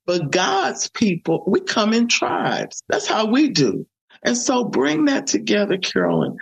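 A woman testifies as an interview guest with a gravelly, husky voice. She talks fervently, repeating her phrases the way a preacher would. Her tone stays conversational the whole time. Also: medium pitch, wildly swooping pitch, a little slow, rough recording. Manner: fervent, repetitive, preacher-like emphasis. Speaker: guest, community ministry founder.

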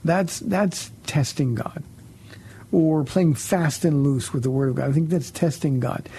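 A man pastor hosting a call-in radio show, answering Bible questions in an earnest, halting way with frequent repeated words. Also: a little high, warm tone, husky.

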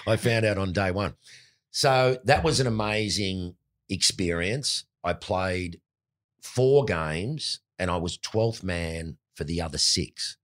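A deep-voiced Australian man in his sixties recounts his early sporting career with lively, animated storytelling. His voice sits low and he tells each anecdote with energy. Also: slow pace. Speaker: former cricketer, guest. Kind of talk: storytelling interview.

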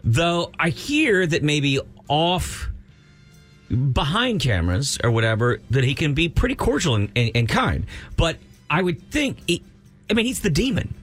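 A man's voice: a little high, very animated, measured pace, fairly bright tone, soft background music. A male radio show host talking in a loose, conversational way with a guest. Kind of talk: casual radio talk.

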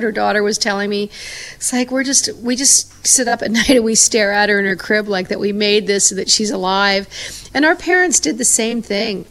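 On a podcast, a female co-host with a mid-range voice and moderate pace shares stories in easygoing chat. She brings them to life by acting out other people's words.

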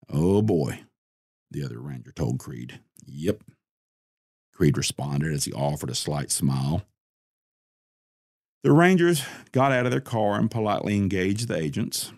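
Deep-voiced man narrating a crime story. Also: darkish tone, no echo, studio quality.

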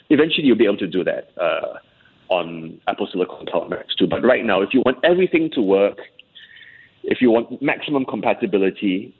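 Man, husky, explanatory and conversational, tinny phone-line sound. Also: lowish voice. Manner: chatty, explanatory. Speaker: tech commentator. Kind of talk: conversational tech chat on air.

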